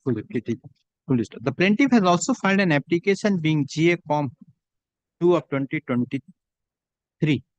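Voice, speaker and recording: A man's voice: fairly high pitch, lively intonation, normal speed, long pauses, no room sound, highs cut off. A man presiding as a judge, authoritative and dictating court orders in short fragments.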